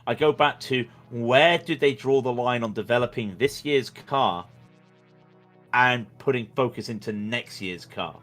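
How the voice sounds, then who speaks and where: A man's voice: mid-range voice, measured pace, fairly bright tone, faint music behind. A man commentating on a sim race in casual chat, rambling and joking with plenty of stammered restarts.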